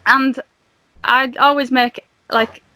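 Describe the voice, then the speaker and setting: A young woman tells a story on a podcast, lively and full of laughter. Her voice sits a little high. The sound is close and dry with almost no room. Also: takes it slowly, dry recording. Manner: animated, laughing, acts out dialogue in her retelling. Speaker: podcast guest. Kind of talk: casual storytelling.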